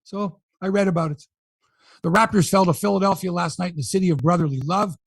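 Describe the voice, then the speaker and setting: A man's voice: high-pitched, fast, gravelly, dry recording, studio quality. A man hosting a sports podcast, running through scores and riffing jokingly on the headlines in a casual chat.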